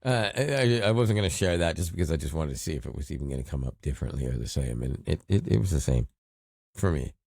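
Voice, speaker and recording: Podcast co-host from Toronto, middle-aged man, deep and lively, recorded dry and close. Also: fast, creaky, husky, dry recording. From Toronto, Canada. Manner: expressive, restarts often. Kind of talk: casual chat.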